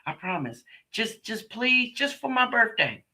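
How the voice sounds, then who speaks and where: Quick bit: woman doing a high, whining boyfriend begging for a favor. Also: big pitch swings, pushed and bright, full character voice. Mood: pleading.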